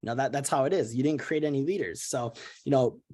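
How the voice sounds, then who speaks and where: A young man leads a sales team call with upbeat, earnest energy. He talks in a casual, pushy way, often restarting his sentences and leaning on fillers like "you know". His voice sits at an ordinary middle pitch for a man. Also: brisk, a little mellow. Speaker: network marketing leader. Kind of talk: motivational training call.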